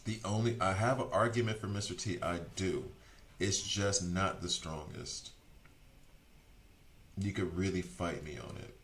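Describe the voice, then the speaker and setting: A man streaming a video game, chatting casually and rambling as he second-guesses his choices out loud. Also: low-pitched, measured pace, reverberant, a little hiss or hum. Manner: chatty, rambling, self-correcting. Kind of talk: casual gameplay commentary.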